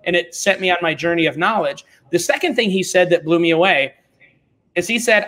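High-voiced, emphatic middle-aged man. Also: brisk. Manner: emphatic, animated, blunt and informal. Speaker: podcast guest. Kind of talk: casual conversational storytelling.

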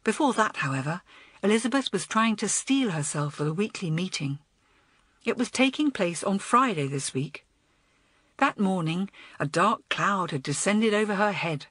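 A woman reads a children's storybook aloud, her voice rising and falling in a lively, animated way. The recording is close and completely dry, with no room sound at all. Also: medium pitch, normal speed, slightly rough, dry recording. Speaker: audiobook narrator. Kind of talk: scripted storybook narration.

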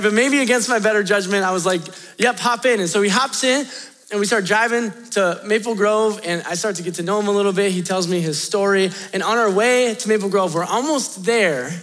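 Youth pastor, man, high voice, lively storytelling sermon, long hall reverb. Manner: animated, chatty, laughs often, talks straight to the audience.

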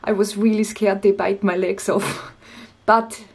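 A woman's voice: medium pitch, flat delivery, unhurried. A woman from Austria with an Austrian German accent, a stand-up comedian chatting casually and doing comedy with dry, self-mocking humor.

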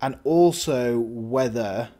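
Soft music plays behind this gaming channel host, whose mid-range voice is slow and warm. He narrates a building game in relaxed let's-play style, musing aloud and often starting sentences over.

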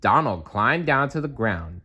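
Man reading a bedtime story, slow and lively. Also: mid-range voice, breathy edge. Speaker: storybook reader.

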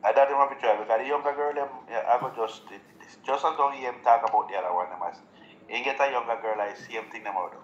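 A Jamaican man hosting a live show, talking in relaxed patois and laughing often. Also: mid-range voice, quick pace, lo-fi sound. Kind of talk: casual chat. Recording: roomy echo, faint background noise.

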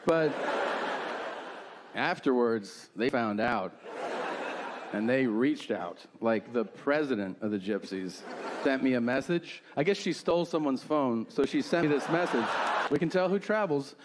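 A man in his forties doing a crude, deadpan stand-up comedy set on a theater stage, acting out quotes in his stories. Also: mid-range voice, unhurried, noisy background. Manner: brash, crude, deadpan storytelling with acted-out quotes.

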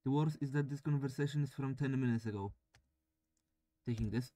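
A let's-play gamer reads the on-screen game text aloud and cracks jokes to himself between lines. His voice sits at medium pitch and moves fairly quickly, and the recording is very noisy.

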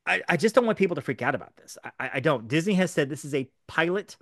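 A man co-hosting a podcast, speaking rapidly and filling his explanations with ums and asides. His voice sits a little high for a man. The studio sound is dry and close. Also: no room sound. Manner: fast, animated explainer with many fillers. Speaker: podcast co-host. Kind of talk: casual podcast chat.

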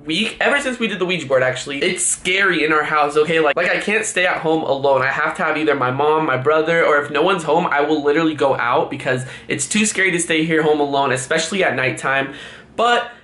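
A man's voice: on the high side, fast. Young Californian guy, roomy vlog sound. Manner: excitable, says "like" a lot, gets scared and loud. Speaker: YouTube vlogger. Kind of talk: casual vlog talk. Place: room at home.

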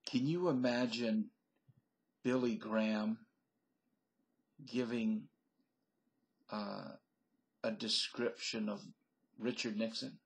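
A man's voice: lowish voice, fairly even intonation, takes it slowly, pauses often, rough recording. An older man rambling through a stream-of-consciousness comedy monologue into a webcam at home, laughing at his own jokes. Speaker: vlogger.

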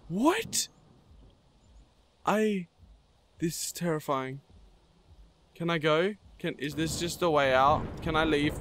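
Playing a horror game map, a man with a fairly high, slightly bright voice gives jittery let's-play commentary, easily startled and chatting to the monsters he runs into. He panics in bursts of "no," with slight background noise.

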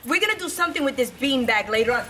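Woman, preschool teacher, sing-song and cheerful, fairly high, bright voice, faint hiss behind. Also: lively intonation, rapid-fire. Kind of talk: lively lesson for young children.

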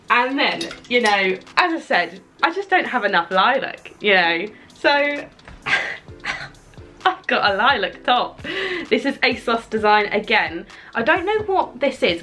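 A woman, chatting excitedly and casually through a clothing haul, swearing now and then. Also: medium pitch. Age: 20s. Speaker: fashion vlogger.

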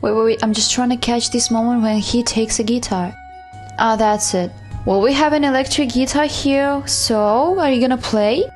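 A woman's voice: a little high, steady tone, moderate pace, faint music behind. A woman giving chatty, playful let's-play commentary, cooing at a virtual pet. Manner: chatty, playful, talks to her pet like a baby. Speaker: gaming YouTuber.

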